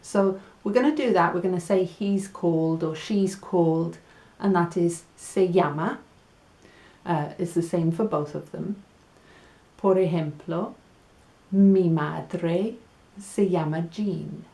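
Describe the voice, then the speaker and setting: Low, unhurried woman teaching Spanish. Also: dark tone. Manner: chatty, laughs at her own jokes, slows down for Spanish words. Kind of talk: casual language lesson.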